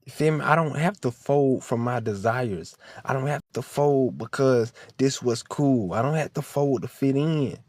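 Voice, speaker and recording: A man's voice: mid-range voice, moderate pace, few pauses, darkish tone, dry recording. A man vlogging in a heated, preachy monologue, swearing freely and close to tears. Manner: impassioned, preachy, profane. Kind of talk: emotional direct-to-camera monologue.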